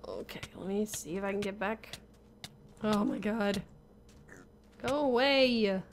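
A woman's voice: medium pitch, unhurried, a little hiss or hum. A young woman talking to herself while playing a survival game, often laughing and grumbling in exasperation. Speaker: gamer. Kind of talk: Minecraft gameplay commentary.

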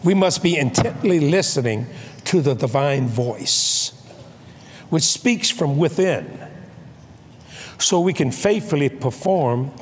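An older man preaching a sermon, telling comic stories and acting out voices with shouts and laughs. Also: medium pitch, slight background noise. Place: large convention hall.

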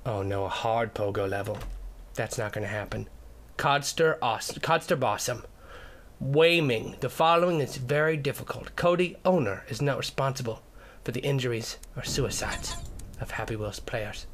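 A man's voice: medium pitch, moderate pace. A man giving comedic let's-play commentary, goofy, flipping into silly character voices and muttering under his breath as he plays. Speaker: gameplay commentator.

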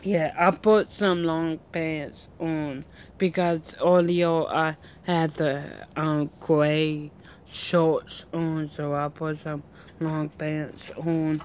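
A woman's voice: low-pitched, fairly even intonation, very slow, slight background noise. A woman vlogging outdoors at home in a casual, rambling chat full of fillers and restarts.

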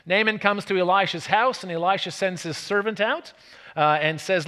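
Australian man, church sermon, slightly high voice, long hall reverb, chatty. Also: lively intonation, a little fast, pushed and bright. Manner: conversational, frequent tag questions and restarts. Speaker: preacher.

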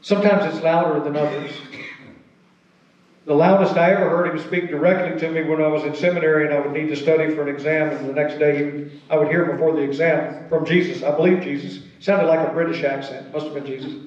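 A male pastor delivers his sermon in a folksy, conversational manner, his voice sitting a little high for a man. He is caught from a distance in a church sanctuary, so the sound rings with heavy echo and comes through a little dull. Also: fairly even intonation, a little fast, darkish tone.

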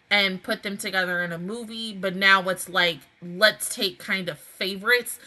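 A woman with a mid-range voice hosts an anime reaction and review video. She chats in a rambling, animated way, correcting herself and swearing casually.

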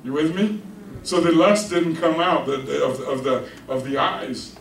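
A male pastor preaches a chatty, story-driven sermon in a church sanctuary, often checking in with listeners and repeatedly asking "you with me?" while the congregation answers amen. His fairly high voice has vocal fry and a measured pace, heard far from the mic in an echoey church with a little hiss or hum.

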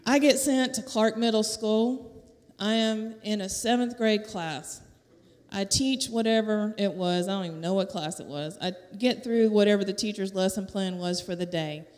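A middle-aged woman with a Southern US accent tells a lively testimony in a church, laughing often and acting out the voices of others. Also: mid-range voice, normal speed. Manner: lively storytelling, laughing often, acts out quotes. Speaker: teacher sharing a testimony at church. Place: church sanctuary. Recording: echoey church hall.

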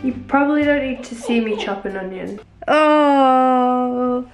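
Chatty woman, high bright voice. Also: slow, faint music behind. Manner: chatty, talks to her dog in a high sing-song baby voice. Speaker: vlogger. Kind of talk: casual vlog chat with her dog.

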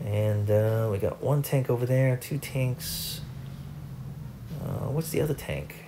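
A man's voice: medium pitch, slow pace, noisy background. A young man, host of a gaming channel, giving chatty, self-mocking commentary over his own gameplay.

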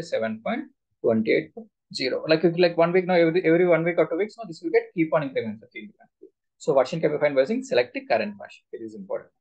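Man quizzing his class, gravelly voice. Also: a little high, a little mellow, dull audio. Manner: quizzing students with repeated questions. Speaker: SQL instructor. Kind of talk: live online class teaching.

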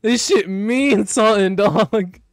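A young man and streamer telling a story casually while gaming, slangy and profane, dropping to low mumbles and then bursting out loud. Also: slow, no echo, studio quality. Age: young adult. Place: home room.

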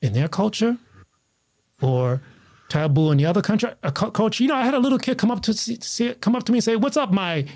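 A man from the United States, a guest on a talk show, telling stories in an excitable, animated way with many restarts. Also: sits high, fast talker. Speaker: guest, martial artist. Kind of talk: casual conversational storytelling.

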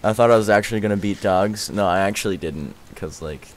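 A young man chatting casually on a live game stream, excitable and laughing often, his voice worn out. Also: lowish voice, brisk, a little hiss or hum. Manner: excitable, laughs often, yelps and shouts when startled.

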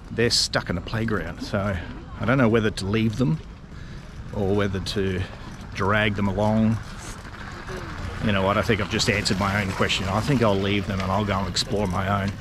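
Outdoors in a city park, a middle-aged Australian travel vlogger narrates his walk in a steady, lowish voice at normal speed. The chatty, rambling commentary is packed with fillers and restarts, and street and traffic noise can be heard.

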